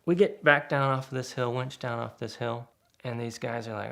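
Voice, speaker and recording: Gravelly man telling a lively story. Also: mid-range voice, normal speed. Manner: animated, acts out quoted people. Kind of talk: casual spoken anecdote.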